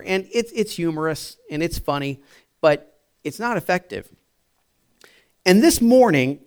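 A man preaching, who opens with a casual personal story full of fillers and restarts. His voice sits a little high for a man. He then builds to emphatic, repeated points. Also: clean tone. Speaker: pastor.

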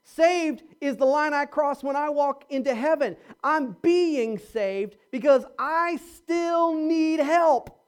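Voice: high-pitched, takes it slowly, hardly any pauses. A pastor preaching a sermon, emphatic, repeating words and restarting phrases, and asking the congregation rhetorical questions. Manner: swings from quiet asides to near-shouting.

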